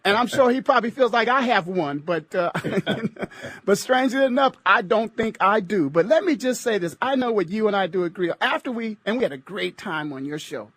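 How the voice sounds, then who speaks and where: A man's voice: sits high, expressive, brisk, a bit bright, dry recording. A middle-aged man from the United States hosting a radio talk show, speaking in an emphatic, preachy and repetitive way.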